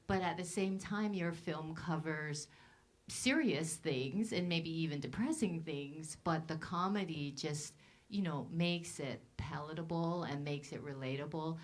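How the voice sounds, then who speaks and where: A woman, a festival programmer hosting a post-screening Q&A in a theater, asking a question in a thoughtful, deliberate way. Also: deep voice. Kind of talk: Q&A moderation. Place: movie theater.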